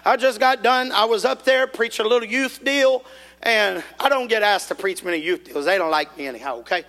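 Male preacher, bright and forceful tone, folksy and animated, recorded in a reverberant church hall. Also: high-pitched, a little fast. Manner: folksy, animated, rises to shouting. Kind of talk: sermon storytelling.

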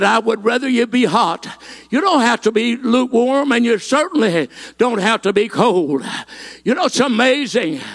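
Male preacher, very high gravelly voice, impassioned delivery peppered with "uh". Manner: impassioned, with frequent "uh" fillers and rising shouted peaks. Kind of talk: sermon.

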